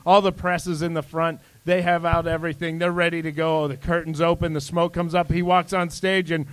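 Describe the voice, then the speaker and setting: Brief: high-pitched male host, animated joke teller, dry close mic. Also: brisk, clear, resonant tone, no echo. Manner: animated storyteller, acts out lines. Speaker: podcast host. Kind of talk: casual joke-telling chat.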